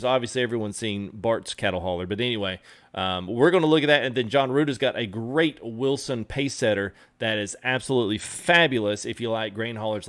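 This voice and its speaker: A man's voice: mid-range voice, fairly bright tone. A man streaming a truck game, talking casually with many fillers and greeting his chat. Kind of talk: casual live-stream commentary.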